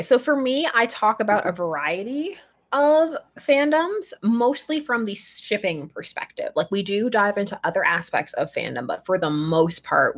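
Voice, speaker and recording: A woman's voice: lowish voice, a bit bright, breathy edge. A woman hosting a casual live stream, chatty and rambling, laughing often as she answers viewers. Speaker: fandom channel host.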